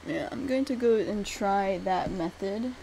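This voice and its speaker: Young woman gaming, chatty, mumbles her route out loud to herself. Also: medium pitch, measured pace, creaky, slight background noise, rough recording. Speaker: gamer streamer. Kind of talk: let's-play commentary.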